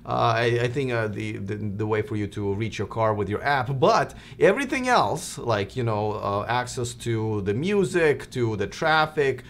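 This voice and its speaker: A man's voice: mid-range voice, expressive, moderate pace, hardly any pauses, a little hiss or hum. A man with a Russian accent hosting a live stream, chatting casually with many fillers and restarts. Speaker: host of a live stream show.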